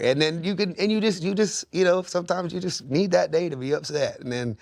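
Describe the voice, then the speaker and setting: A man's voice: high-pitched, a little fast, vocal fry, no room sound, studio quality. A man in his thirties, a singer talking candidly as a podcast guest, rambling and earnest with many restarts. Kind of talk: candid conversational interview. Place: podcast studio.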